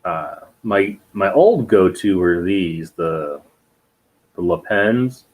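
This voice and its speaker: A man in a casual chat about art supplies, talking haltingly with many fillers. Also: sits low, animated, darkish tone, poor audio. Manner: halting, filler-heavy talk. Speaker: guest artist.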